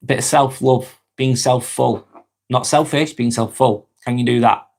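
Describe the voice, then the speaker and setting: Gentle Lancashire man hosting a live stream. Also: medium pitch, steady tone, normal speed, gravelly. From Northwest England. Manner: gentle, reflective, chuckles while reading comments. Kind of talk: live-stream chat reading viewer comments.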